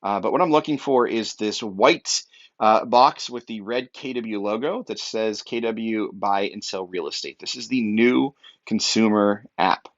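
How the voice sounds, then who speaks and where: A man's voice: fairly low pitch, measured pace, highs cut off. A young man, an upbeat real estate technology trainer, giving an emphatic walkthrough with lots of fillers.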